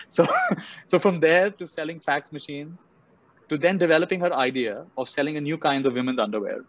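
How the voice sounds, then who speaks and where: A man with an Indian English accent giving an animated motivational talk, telling stories and acting out characters. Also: a little high, normal speed. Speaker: speaker. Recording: dull muffled audio.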